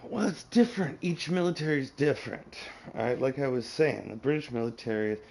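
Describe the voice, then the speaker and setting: Streamer: gravelly guy, rambling, swears a lot, loose casual chat. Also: mid-range voice, animated, a little fast, a little mellow. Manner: profane, rambling, advice-giving. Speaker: game streamer.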